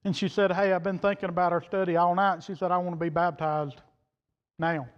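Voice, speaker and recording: A preacher man with a fairly high voice, telling a folksy story from the pulpit in plain words. His voice rings through a church hall with a long echo, and the sound is dull and muffled. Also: fairly even intonation, fairly quick. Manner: folksy, plain-spoken, quoting others in turn. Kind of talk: sermon storytelling. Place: church sanctuary.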